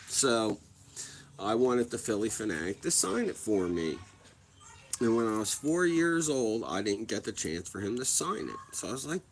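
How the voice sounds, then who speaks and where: A man in his thirties talks on a casual livestream at an unhurried pace. His voice sits in an ordinary middle pitch. He rambles, restarts his sentences and swears freely as he tells a story. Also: a little hiss or hum. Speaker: livestream host.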